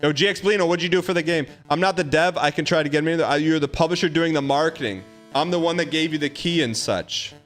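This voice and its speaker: A man hosts a live game stream in a casual, chatty way, repeating phrases as he talks straight to his audience. His voice sits somewhat high for a man. Soft music plays faintly underneath. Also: fast, hardly any pauses. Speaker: live-streaming gamer host. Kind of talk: casual live-stream chat while gaming.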